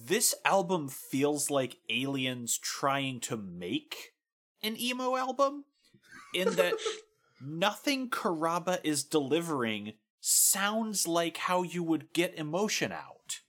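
A man's voice: on the high side, big pitch swings, slow pace, a bit bright. A man co-hosting a casual music podcast, giving dry, sarcastic criticism. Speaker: podcast co-host. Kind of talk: casual chat.

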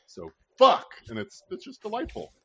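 A man's voice: lowish voice, expressive, moderate pace, dry recording. Sarcastic, profane man on a podcast. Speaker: podcast host. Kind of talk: casual political chat. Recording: dull lo-fi dry recording.

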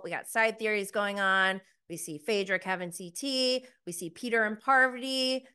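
A woman's voice: medium pitch, pushed and bright, smooth. A young adult woman, casually recapping a reality show with gossipy asides and frequent laughter. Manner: gossipy, laughs often, mocking quotes. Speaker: podcast host reviewing a reality show.

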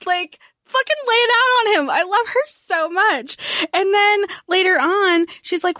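A woman co-hosting a podcast, talking casually about a book, animated, laughing and swearing freely. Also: very high-pitched, moderate pace, dry recording, studio quality. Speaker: podcast co-host.

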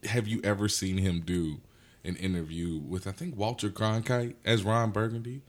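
A man's voice: lowish voice, normal speed. A tipsy man, a comedian, telling loose, profane stories in a casual podcast chat. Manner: loose, profane storytelling with animated outbursts. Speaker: comedian guest.

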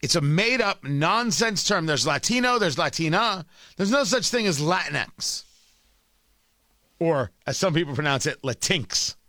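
A man's voice: fairly high pitch, animated, unhurried, bright, forceful tone, no echo. A man hosting a political commentary show, delivering an opinionated, sarcastic monologue with emphatic repetition.

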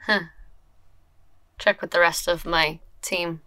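A woman player chatting at a tabletop game, animated and chatty. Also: lowish voice, slow pace, clean tone, no echo. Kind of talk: casual chat at a tabletop game.

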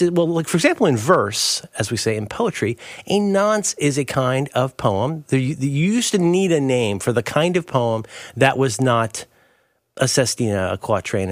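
Playful middle-aged man, lively riffing. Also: medium pitch, no room sound, studio quality. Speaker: podcast co-host. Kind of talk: casual chat.

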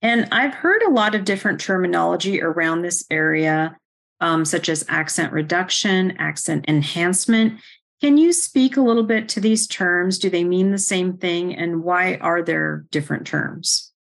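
Gravelly-voiced woman hosting a podcast. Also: on the low side, normal speed, fairly bright tone. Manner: inquisitive, organized questioning. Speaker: podcast host. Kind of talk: podcast interview.

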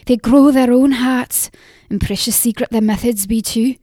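A woman voicing a gossipy, impatient old peddler woman who talks in a loud, rustic, chattering way in an audiobook. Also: on the high side, steady tone, normal speed, no room sound, studio quality, pitched above the performer's own voice, lightly acted. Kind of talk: audiobook character voice.

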